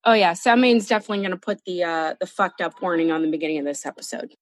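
A woman's voice: lowish voice, fast talker, no room sound. A woman hosting a true crime podcast, chatting casually in a blunt, profane way. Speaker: podcast host telling a true crime case.

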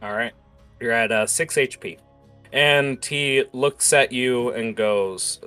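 A man running a tabletop game as game master, relaxed and quick to laugh. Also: mid-range voice, smooth, faint music behind.

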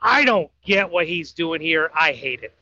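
A man's voice: a little high, lively intonation, unhurried, sharp tone, no room sound, lo-fi sound. A man co-hosting a sports podcast, opinionated and asking exasperated questions. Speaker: podcast co-host. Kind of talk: casual sports chat.

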